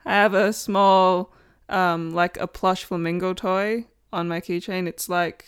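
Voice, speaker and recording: A woman's voice: on the low side, steady tone, slow, clear, resonant tone. A woman co-hosting a casual chat podcast, chatty and giggly, rambling a little as she talks. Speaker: podcast co-host.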